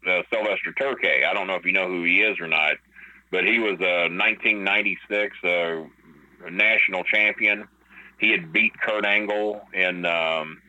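Male podcast guest with a low, bright, forceful voice, swearing freely and rambling through a backstage story, slightly muffled audio. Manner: profane, rambling, with many fillers. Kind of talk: casual storytelling.

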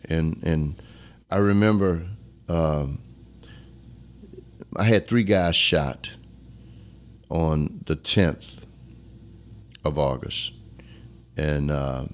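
Deep-voiced man, earnest and reflective. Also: slow pace, long pauses. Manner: earnest, reflective, drops to a low hush when emotional. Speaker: former police chief, guest. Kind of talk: candid storytelling interview.

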